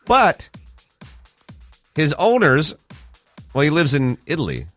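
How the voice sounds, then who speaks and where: A man's voice: fairly high pitch, slow, faint music behind. A man hosting a morning radio show, chatting casually and joking around. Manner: animated, playful, jokes around.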